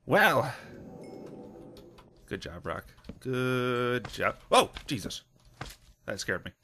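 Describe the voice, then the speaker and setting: A man hosting a let's play who gives casual, excitable commentary with lots of laughs and jokes at his own expense. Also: medium pitch, very slow, slight background noise. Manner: excitable, self-mocking, laughs often.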